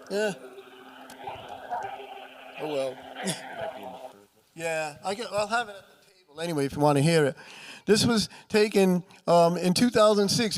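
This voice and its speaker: This paranormal author and speaker has a high voice with a darkish tone. Before an audience in a festival room, he shares ghost stories in a chatty way, acting out the quoted voices.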